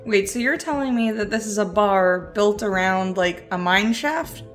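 A woman's voice: mid-range voice, normal speed, soft background music. A woman playing a tabletop game, chatting cheerfully and joking with the group. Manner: cheerful and giggly. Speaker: player. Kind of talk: casual game chat.

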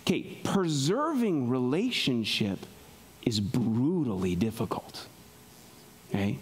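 Conversational preacher with a lively, swinging voice. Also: male voice, slow, a little hiss or hum. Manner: conversational, frequent "right?" check-ins; swings between soft low asides and raised emphatic passages. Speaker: pastor. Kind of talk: sermon.

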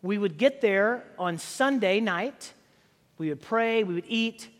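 A male pastor with a high-pitched voice delivers a sermon, loose and conversational, often restarting his sentences and filling pauses with "uh" and "you know". His voice rings with a long reverb from a church hall. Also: expressive, fairly bright tone. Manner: conversational storytelling with many fillers and restarts.

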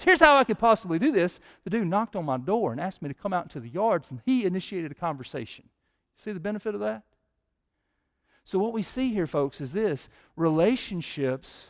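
A man preaching a sermon as pastor, his voice swelling louder and higher when he prays. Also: animated, moderate pace, vocal fry.

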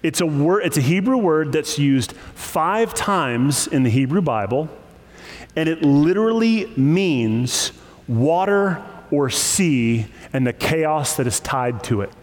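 A man preaching a sermon, lively and emphatic, with joking asides. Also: a little high, takes it slowly, in a large hall. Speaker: pastor.

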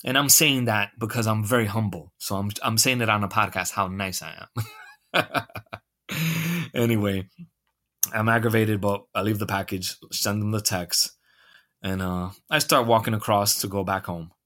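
A man's voice: fairly low pitch, moderate pace, pauses often, a bit bright. A man hosting a podcast, telling a story in a profane, ranting and sarcastic way. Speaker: podcast host. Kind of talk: comedic storytelling monologue.

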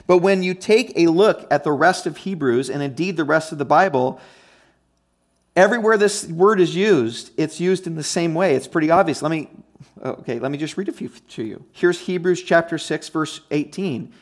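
A man's voice: a little high, moderate pace. A man preaching a conversational teaching sermon, emphatic and often checking in with his listeners. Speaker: pastor.

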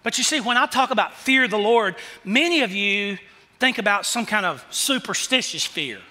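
A man's voice: sits high, lively intonation, moderate pace, bright, forceful tone, long reverb tail. A man preaching a sermon as pastor, telling stories in a conversational way.

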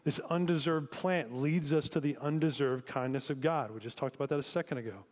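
A man's voice: on the high side, brisk, a little mellow. Male pastor preaching in a reverberant hall. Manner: conversational, asks listeners reflective questions. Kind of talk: sermon.

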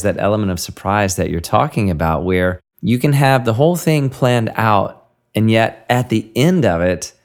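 A man hosts a conversation about creative work. He speaks in a low-pitched voice and muses thoughtfully. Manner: thoughtful, musing. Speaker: podcast host. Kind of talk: reflective interview talk.

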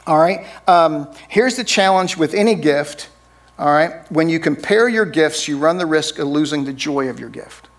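Slightly high-pitched, with lively intonation and a moderate pace, a middle-aged man delivers a sermon as pastor. He talks conversationally, frequently tagging his points with "right?"

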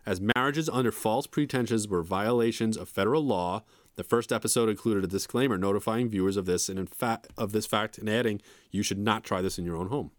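A man's voice: on the low side, fairly quick, no room sound, studio quality. A man co-hosting a podcast, speaking in a laid-back way and reading notes aloud now and then. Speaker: podcast co-host. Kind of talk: casual chat.

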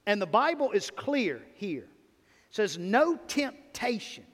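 A man's voice: sits high, big pitch swings, slow, a bit bright, slightly rough. A man preaching a sermon as pastor, emphatic, his volume rising and falling. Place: church sanctuary. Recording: long reverb of a church sanctuary.

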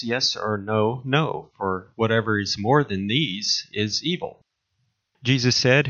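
A man preaching, reading a long series of scripture commands aloud in a measured, solemn way. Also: mid-range voice, fairly bright tone. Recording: dull lo-fi recording.

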